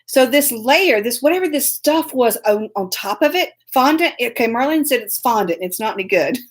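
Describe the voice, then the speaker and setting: A woman's voice: fairly high pitch, animated, normal speed. A woman hosting a live online show from a phone on a tripod. She rambles through a story in casual chat, laughing often and breaking off to greet viewers by name. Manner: laughs often while telling stories.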